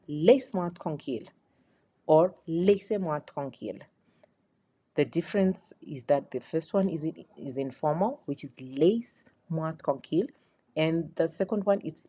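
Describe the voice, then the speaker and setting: A woman's voice: low-pitched, moderate pace, warm tone, breathy edge. A woman teaching phrases in a beginner lesson, explaining patiently and repeating each example. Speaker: French teacher.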